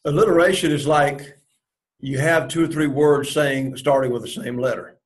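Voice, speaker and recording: A man's voice: mid-range voice, normal speed, low-quality recording. A man leading a Bible study lesson, going through the verses and asking and answering his own questions. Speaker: Bible class teacher.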